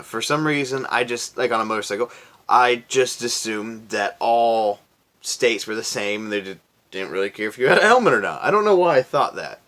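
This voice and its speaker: A man's voice: fairly low pitch, animated, normal speed, fairly bright tone. A young man from Florida telling a story to camera in a casual, profane, laid-back way, often raising his voice to quote himself. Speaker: vlogger.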